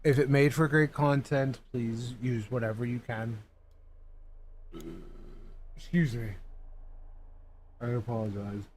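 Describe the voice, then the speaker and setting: A man's voice: medium pitch, steady tone, takes it slowly, pauses often, darkish tone, a little hiss or hum. A man streaming a video game while intoxicated, casually rambling and apologizing often. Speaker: gaming streamer. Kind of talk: casual let's-play commentary.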